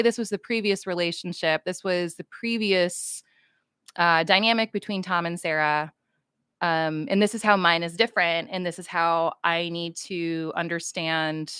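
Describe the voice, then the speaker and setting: A woman's voice: fairly low pitch, pushed and bright, smooth, no room sound, clean studio sound. A woman from the United States, chatting casually on a livestream with fans, goofy and rambling as she reads chat comments aloud.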